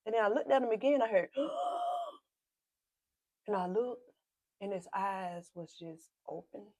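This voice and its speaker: A woman pastor with a South Carolina accent and a mid-range voice shares her personal testimony as a podcast guest, speaking at a moderate pace in emotional bursts. She re-enacts what each person said in quoted speech and repeats phrases, her voice often dropping to a soft whisper. The sound is close and dry, without room echo.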